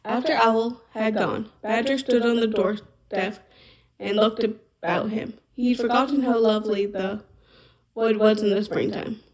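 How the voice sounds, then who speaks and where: Woman, soft-spoken ASMR storybook reading, gentle and even, fairly high voice. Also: unhurried, low-quality recording.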